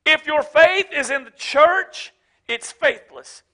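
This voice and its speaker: A pastor delivers a sermon in a strikingly high, bright voice. He builds to shouted, repeated declarations, then drops into quiet, laughing asides with a down-home tone. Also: lively intonation, slow pace. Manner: preaching with rising shouted emphasis, then folksy asides; casual, joking, speaks of his wife.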